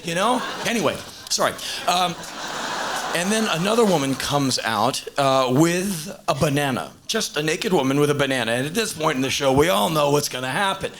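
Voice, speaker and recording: A man in his thirties telling a long funny story on stage, shouting punchlines one moment and muttering asides the next. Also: moderate pace, gravelly. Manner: animated, swings from loud exclaiming to low muttering. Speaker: stand-up comedian. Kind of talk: live stand-up storytelling. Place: live stage before an audience. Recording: hissy low-quality VHS concert tape.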